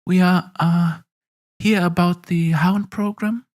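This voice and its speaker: A man's voice: high voice, fairly even intonation, slow, a little mellow, pitched above the performer's own voice. A man voicing an awkward, hesitant young woman pilot.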